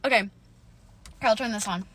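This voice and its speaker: A woman's voice: mid-range voice, slightly rough. A young woman telling a long story straight to camera, angry and swearing, rambling with lots of fillers. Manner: angry, swearing, fast rambling with many likes. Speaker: vlogger telling a roommate story. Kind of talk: casual storytime rant.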